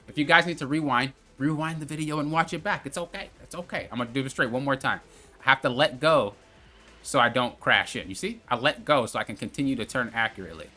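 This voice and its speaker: A man's voice: medium pitch, pushed and bright. A young man hosting a gaming channel, casually talking viewers through a racing game tutorial and repeating steps as he coaches them. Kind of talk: gameplay tutorial commentary.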